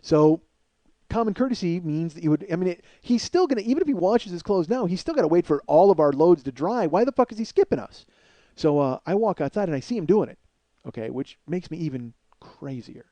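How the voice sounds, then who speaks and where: A middle-aged man hosting a comedy podcast, telling a story in a profane, excitable rant. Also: sits high, brisk, no room sound.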